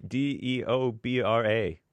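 A man co-hosting a radio show, soft-spoken and hesitant in casual studio banter. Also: mid-range voice, unhurried, clean tone, no echo. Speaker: radio co-host. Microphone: studio mic.

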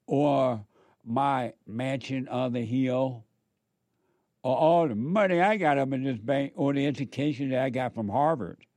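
A man's voice: medium pitch, measured pace, a little mellow, no room sound, close to an everyday voice. A man voicing a proud rich young man who scoffs at giving up his wealth. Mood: scoffing. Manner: scoffing, dismissive.

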